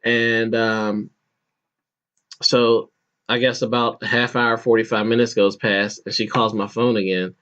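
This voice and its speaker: A man's voice: lowish voice, little pitch movement, measured pace, fairly bright tone. A man in his thirties hosting a podcast, telling a long personal story casually, laughing often, restarting sentences and acting out voices. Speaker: podcast host. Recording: muffled lo-fi podcast audio.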